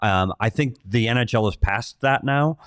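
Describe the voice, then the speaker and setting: A man's voice: mid-range voice, moderate pace, clean tone. A middle-aged man co-hosting a sports podcast, talking in a casual, teasing way with exaggerated emphasis. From United States. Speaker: podcast co-host.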